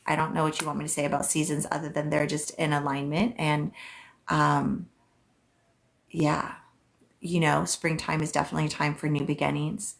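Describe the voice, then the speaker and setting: A woman with a fairly low voice hosts a casual live stream as a psychic reader. She chats quickly and loosely, full of "um"s and "like"s, and reads her viewers' questions aloud before answering them. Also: gravelly.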